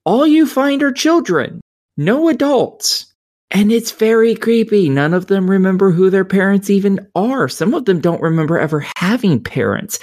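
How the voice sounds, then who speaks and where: A woman's voice: mid-range voice, animated, normal speed, a little mellow. A woman co-hosting a podcast, reviewing a video game in casual chat with a rambling, profane, sardonic way of talking.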